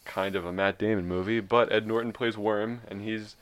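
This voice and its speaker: A man's voice: lowish voice, steady tone, moderate pace, clean tone. A man in casual movie chat, laid-back and dropping wry one-liners. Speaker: podcast co-host.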